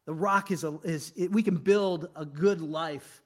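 A man, a pastor, preaching a conversational sermon full of rhetorical questions, swinging between loud and hushed. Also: a little high, unhurried.

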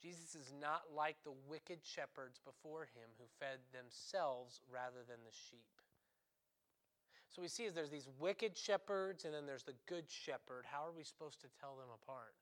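A man giving a sermon as a priest. He speaks in short, conversational phrases, often adds "right?", restarts his sentences and stresses key words with sudden bursts of loudness. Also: a little high, moderate pace. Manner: restarts and corrects himself mid-sentence.

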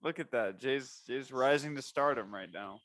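Crude teasing guy hosting a comedy podcast, dry close sound, average pitch. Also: a bit bright, dry recording. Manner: crude, teasing, quick to laugh. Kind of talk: casual comedy chat.

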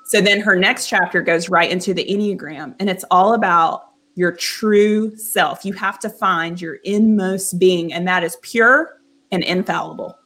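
A woman's voice: lowish voice, measured pace, a bit bright. A woman co-hosting a casual Christian podcast discussion, talking earnestly and reading quotes aloud carefully. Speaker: podcast co-host.

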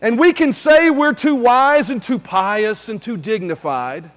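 High-voiced preaching man in reverberant hall. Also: measured pace. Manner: preaching with dramatic swings from hushed to shouting. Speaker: pastor. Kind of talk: sermon.

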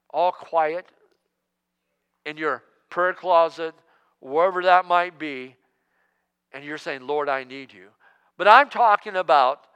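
A man in his sixties preaching a sermon as pastor, joking and emphatic, swinging between loud outbursts and hushed asides. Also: on the high side, smooth, long reverb tail. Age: 60s.

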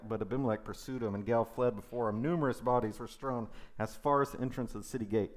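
A man's voice: mid-range voice, quick pace, few pauses. Man preaching through a scripture passage. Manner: reads scripture aloud with lively conversational asides. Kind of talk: sermon with scripture reading.

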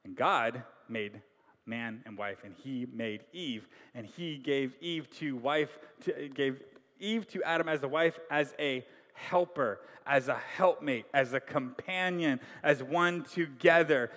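A man preaching a sermon in an animated, joking way, acting out the figures of the story. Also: mid-range voice, takes it slowly, long reverb tail. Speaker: pastor.

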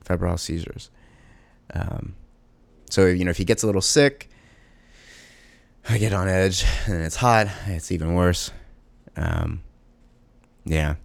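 In a deep voice with vocal fry, a father of a young child speaks an emotional personal monologue, stumbling through many restarts and fillers. The recording has no room sound.

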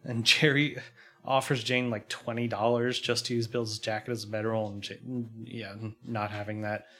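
A man's voice: on the low side, level tone, normal speed, a bit bright. Man casually recapping, laughing often. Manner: laughs often, acts out quotes. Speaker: podcast host.

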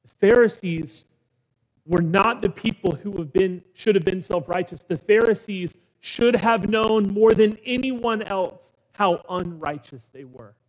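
A man preaching a sermon as pastor, with dramatic pauses, hushed low passages and rousing calls to the congregation. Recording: long hall reverb.

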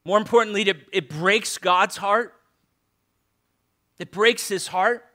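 High-voiced bright male preacher. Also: slow pace. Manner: conversational preaching with repeated emphatic phrases. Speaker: pastor. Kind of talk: sermon.

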